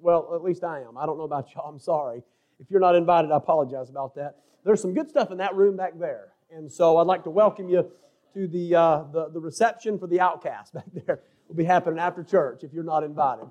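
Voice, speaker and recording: A man preaching a sermon as pastor, building to shouted emphasis and dropping into joking asides. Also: on the high side, fairly quick, lo-fi sound.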